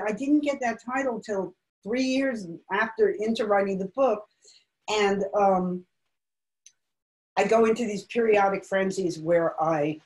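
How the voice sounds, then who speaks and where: A woman's voice: medium pitch, a little mellow, low-quality recording. A middle-aged woman from Los Angeles, a guest author candidly telling a personal family story in an emotional, reflective way. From Los Angeles, United States.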